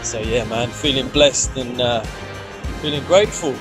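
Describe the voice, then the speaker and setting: A man's voice: mid-range voice, normal speed, music in the background. A man on a book tour chatting in a casual vlog, upbeat and effusive, laughing easily.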